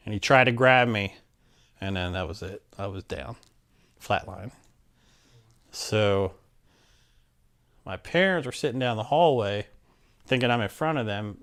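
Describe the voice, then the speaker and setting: A man with a somewhat low voice tells a personal story in easy, casual speech. He is animated, trails off into fillers and restarts, and puts on quick voices for the people in his story. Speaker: interviewee telling his story.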